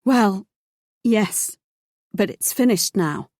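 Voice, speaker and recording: A woman's voice: mid-range voice, animated, slow, a little mellow, no echo, clean studio sound. A woman voicing a nervous Canadian woman who is hesitant and apologetic, in an audiobook. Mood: evasive. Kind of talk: audiobook character voice.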